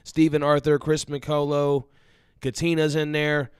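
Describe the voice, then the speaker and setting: A man co-hosting a live football show, moving it along, giving shout-outs and reading promos in an upbeat way. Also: fairly high pitch, monotone, measured pace, clean tone, dry recording, studio quality. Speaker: show producer and co-host.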